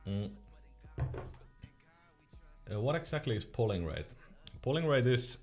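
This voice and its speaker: A man's voice: medium pitch, very animated, a little slow, darkish tone, faint music behind. A young man streaming casually, reading chat questions aloud in a laid-back way and laughing often.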